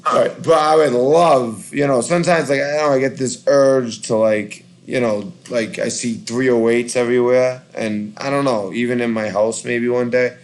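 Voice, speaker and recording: A man from Boston with a Boston accent, rambling in casual call-in chat, halting and full of fillers. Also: mid-range voice, fairly even intonation. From Boston, Massachusetts.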